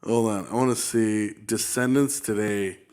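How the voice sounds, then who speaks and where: Young man, podcast co-host, unhurried delivery, casual swearing banter. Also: lowish voice, fairly even intonation, darkish tone, clear, resonant tone. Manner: laid-back, swears a lot, says "dude". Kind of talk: casual chat.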